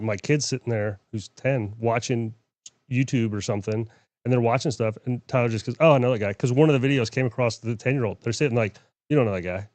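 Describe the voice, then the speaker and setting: A man tells a lively story at a quick clip. His voice sits at a middle pitch. The recording is dry and close. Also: no echo. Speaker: podcast guest. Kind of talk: casual storytelling chat.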